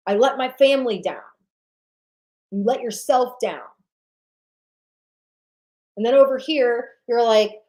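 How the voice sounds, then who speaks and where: A woman hosting an online sales summit livestream, giving an emphatic motivational talk that repeats lines for emphasis and swings between loud punches and low, intimate drops. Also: slow, pauses often, low-quality recording. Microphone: livestream webcam mic.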